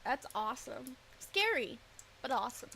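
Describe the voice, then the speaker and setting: Bright high-voiced woman chatting. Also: sing-song, normal speed, creaky, slight background noise. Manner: chatty, laughs a lot, reads viewer stories aloud. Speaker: streamer. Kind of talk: casual chat.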